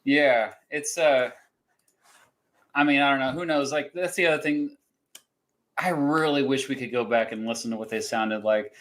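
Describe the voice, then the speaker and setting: A man's voice: mid-range voice, normal speed, long pauses, a bit bright, low-quality recording. A man hosting a casual talk show quiz, rambling with many fillers and chuckles. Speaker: podcast host running a quiz. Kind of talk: casual chat.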